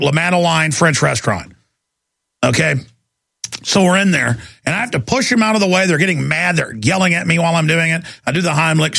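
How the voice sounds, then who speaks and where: Man, talk radio host, heated rant, higher voice, dry studio sound. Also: fairly bright tone, no echo. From Texas. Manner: gravelly, fast, heated ranting with repetitions.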